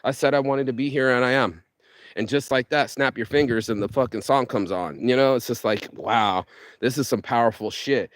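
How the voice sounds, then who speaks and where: A man delivering a rambling, profane motivational monologue for his own vlog, speaking fast with restarts and swearing freely. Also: medium pitch, no echo, studio quality. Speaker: vlogger.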